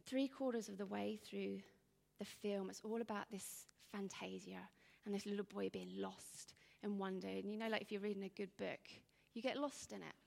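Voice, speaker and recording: A woman in her thirties giving an informal, rambling talk, telling stories with bursts of animation and hushed asides. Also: mid-range voice, steady tone, moderate pace, creaky, hardly any pauses, long reverb tail. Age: 30s.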